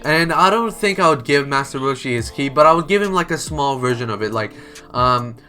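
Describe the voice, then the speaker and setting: A man improvising a fan story aloud, rambling and chatty with constant "like" and "um". His voice is bright and edgy at a middling pitch, with faint music playing behind. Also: animated, fairly quick. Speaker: storyteller, channel host.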